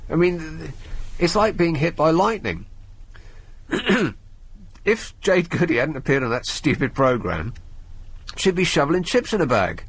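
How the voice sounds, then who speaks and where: Brief: sarcastic male talk-radio host, lively up-and-down delivery, close dry studio mic. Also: a little high, a little slow, pauses often, slightly rough, no echo. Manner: sardonic, mocking. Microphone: studio microphone.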